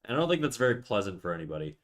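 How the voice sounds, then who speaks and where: A man's voice: lowish voice, sing-song, racing. A young man streaming live, chatting casually in an upbeat, talkative way, restarting and stumbling over his words.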